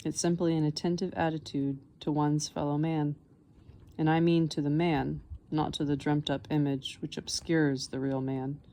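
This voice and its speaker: A woman reading a gentle wise old man. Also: sits low. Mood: patient. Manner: calm, unhurried explaining.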